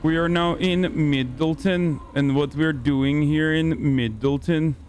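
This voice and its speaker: A man's voice: a little high, steady tone, slow, a little mellow, soft background music. A male streamer giving joking, self-mocking commentary while playing a video game. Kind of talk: gaming livestream commentary.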